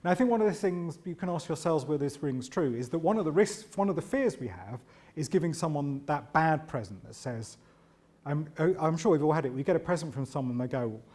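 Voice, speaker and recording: A man giving a conference talk, chatty and animated, with self-deprecating humour and frequent asides of "right?". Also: a little high, fairly quick. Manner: animated and chatty, often tags lines with "right?". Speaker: conference speaker.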